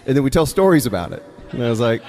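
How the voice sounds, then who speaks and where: A young man from Mississippi tells a story in his Southern accent at a live storytelling night. He talks casually and laughs between lines. His mid-pitched voice carries a long reverb from the hall. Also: sing-song, rapid-fire, a little mellow. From Mississippi, United States.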